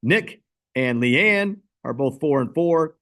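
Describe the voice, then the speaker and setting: A man's voice: fairly high pitch, lively intonation, takes it slowly, fairly bright tone. A man hosting a casual fantasy football league recap, rambling and self-deprecating.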